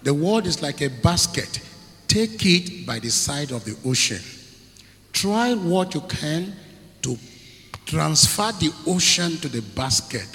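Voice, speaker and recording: A man preaches with a lively, swooping delivery, leaning hard on rhetorical questions and repeated phrases. His voice is bright and fairly high for a man, and every word rings out in a hall with a long echo. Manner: emphatic preaching with rhetorical questions and drawn-out repetition. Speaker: pastor. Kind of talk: sermon. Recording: echoey hall with long reverb.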